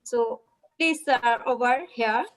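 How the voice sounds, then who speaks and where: A woman's voice: on the high side, slow pace, rough recording. A woman, moderating a webinar Q&A politely and formally. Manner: polite, formal, addresses presenter as sir. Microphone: video call.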